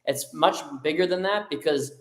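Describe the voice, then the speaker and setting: A man's voice: fairly high pitch, normal speed, very noisy. A man co-hosting a motivational live show, talking in a firm, driven way and affirming what his co-host says. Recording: echoey room.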